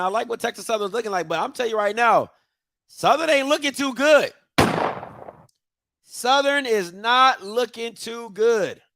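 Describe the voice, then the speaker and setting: A man hosting a live football watch party, reacting loudly and trash-talking the plays. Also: very high voice, dry recording, studio quality. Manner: loud, excitable, trash-talking.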